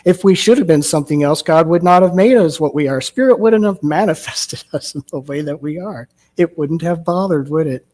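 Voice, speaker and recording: A man's voice: fairly high pitch, brisk, few pauses, darkish tone. A male minister giving a sermon, telling a story and asking rhetorical questions. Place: church sanctuary.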